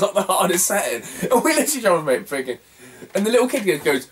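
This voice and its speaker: A man's voice: a little high, big pitch swings, quick pace, fairly bright tone, recorded from a distance, slight background noise. A young man chatting casually about his retro game finds, rambling with lots of fillers and frequent laughter. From England. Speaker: retro game collector vlogger. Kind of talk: casual chat.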